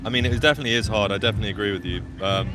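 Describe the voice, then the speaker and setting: A man's voice: on the low side, rapid-fire, music in the background. Hesitant, thoughtful man from England. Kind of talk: casual chat.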